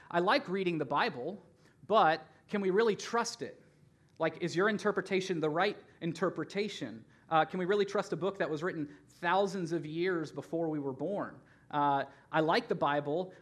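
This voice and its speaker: Casual, chatty male pastor preaching. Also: on the high side. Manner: casual, conversational preaching with many fillers. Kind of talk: sermon.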